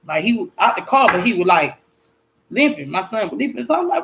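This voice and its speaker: A young woman vlogger telling a personal story in a blunt, profane, repetitive way, breaking into loud exclaimed quotes. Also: medium pitch, sing-song, a little fast, gravelly, background noise. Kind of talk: emotional storytime monologue.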